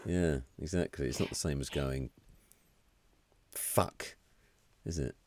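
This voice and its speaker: A man's voice: a bass voice, fairly quick, a little mellow, no echo. A middle-aged man co-hosting a podcast, telling family stories in a casual, laughing way that often trails off. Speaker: podcast co-host. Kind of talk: casual chat.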